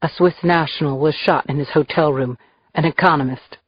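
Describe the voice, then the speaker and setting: Woman voicing a terse federal man, low. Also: steady tone, normal speed, slight background noise, lightly acted. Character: terse male federal deputy director. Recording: dull, dry lo-fi recording.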